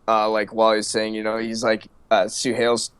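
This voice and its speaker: A man narrating his part in a story game in a halting way, full of fillers. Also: on the low side, completely flat delivery, a bit bright, clear, resonant tone, no room sound. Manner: hesitant, halting, filler-heavy.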